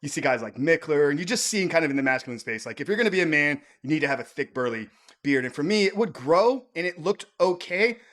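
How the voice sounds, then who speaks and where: A man's voice: a little high, expressive, fast, fairly bright tone. A man hosting a podcast interview, talking in an enthusiastic, casual way and calling his guest man. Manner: enthusiastic, says man often. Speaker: podcast host.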